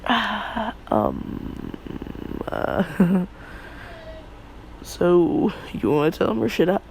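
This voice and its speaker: Male storyteller, casual and rambling; slow, unhurried delivery with a slight fry. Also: high-pitched, sing-song, slight background noise, poor audio. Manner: rambling, filler-heavy, offhand asides. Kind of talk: casual spoken fan story.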